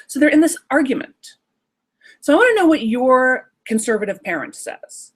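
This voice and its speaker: A woman runs a live creativity workshop in an animated, conversational tone. She speaks straight to her listeners and keeps checking in with them as she goes. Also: sits high, moderate pace. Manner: lively, animated, talks directly to listeners. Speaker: workshop teacher, creativity coach. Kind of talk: live online workshop talk.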